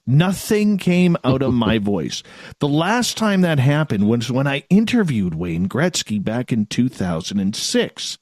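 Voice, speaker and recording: Animated male radio host. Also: medium pitch, unhurried, no echo, clean studio sound. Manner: animated storytelling, laughs as he talks. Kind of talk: casual chat.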